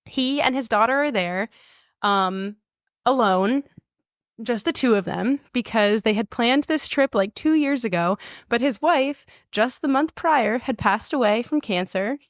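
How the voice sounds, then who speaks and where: A young woman with a fairly high voice spins a story on her podcast, animated and casual, acting out the people she quotes. Her voice sits close and dry, with no room sound around it. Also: a little slow, no echo. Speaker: podcast co-host.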